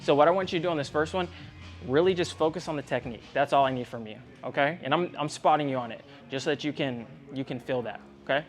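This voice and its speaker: A man's voice: on the high side, fast talker, soft background music. A man coaching a young athlete one-on-one in a gym, speaking directly and earnestly, often checking whether she believes him. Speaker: tumbling coach.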